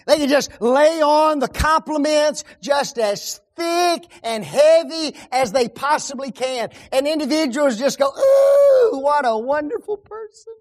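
High-voiced preacher with dramatic hushes. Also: male voice, unhurried, hardly any pauses. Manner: rhetorical questions, dramatic drops to hushed tones; emphatic, repeats key words. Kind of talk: sermon on a psalm.

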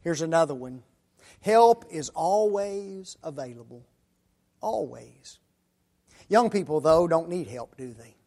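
A man preaching a sermon who asks rhetorical tag questions and swings between loud declarations and hushed asides. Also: a little high, animated, takes it slowly, pauses often.

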